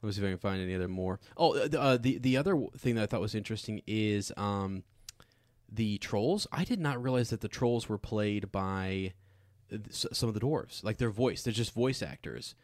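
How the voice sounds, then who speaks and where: A man with a low voice co-hosts a casual podcast, chatting about a film. He rambles, restarts and breaks up his sentences. The recording is dry and close. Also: a little fast, a little mellow, no echo. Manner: rambling, full of fillers and restarts. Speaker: podcast co-host.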